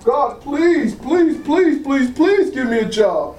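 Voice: high-pitched, big pitch swings, slow pace, darkish tone, reverberant, distant mic, a little hiss or hum, exaggerated voice. A preacher acting out a desperate man pleading with God for a job, repeating his plea. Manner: pleading, repetitive.

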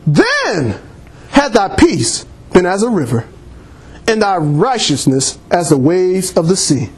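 A man's voice: high voice, wildly swooping pitch, slow. A man preaching a sermon in church, reading scripture and calling on the congregation for amens, laughing often.

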